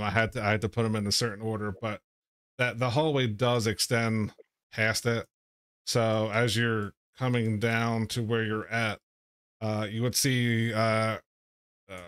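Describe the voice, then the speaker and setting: A man running a tabletop game as game master, narrating in a halting way with many pauses and restarts. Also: on the low side, fairly bright tone, clean tone, no echo, studio quality. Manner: halting, full of uhs and restarts.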